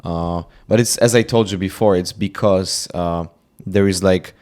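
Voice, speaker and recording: A man with a very low voice chats easily on a podcast, agreeing often. He explains things in a loose, roundabout way. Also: steady tone, a little slow, darkish tone. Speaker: podcast co-host. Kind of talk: casual chat.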